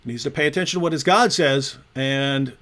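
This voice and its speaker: A man's voice: medium pitch, fairly quick, fairly bright tone. A man co-hosting a casual online discussion, sarcastic and mocking as he talks. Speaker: co-host.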